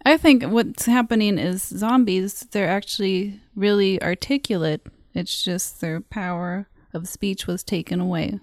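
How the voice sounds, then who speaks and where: A woman's voice: medium pitch, fairly even intonation, measured pace, hardly any pauses, no room sound. A woman co-hosting a comedy podcast, riffing playfully in improvised banter into a close mic.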